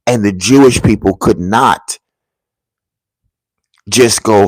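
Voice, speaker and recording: Man with a lowish voice for an earnest, halting vlog story, dropping to a hush at the tense parts, dry close sound. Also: no room sound. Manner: earnest, halting, drops to a hushed voice at tense moments. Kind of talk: casual storytelling to viewers.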